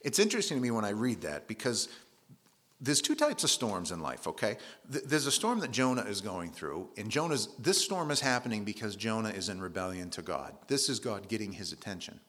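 A man's voice: on the low side, sing-song, brisk, fairly bright tone. A man preaching a conversational sermon, retelling scripture in everyday words with casual asides.

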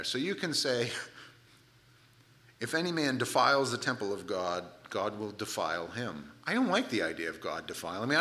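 Middle-aged male preacher, bright and animated, sarcastic asides. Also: medium pitch. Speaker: pastor. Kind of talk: sermon.

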